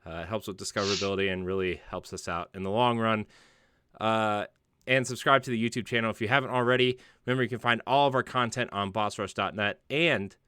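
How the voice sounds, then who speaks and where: A tired man hosting a casual gaming podcast, rambling through plugs and laughing at himself. His low voice has a bright, forceful edge, and the sound is close and dry. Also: smooth, no echo. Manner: rambling, self-deprecating, laughs often. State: tired from lack of sleep. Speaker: podcast host.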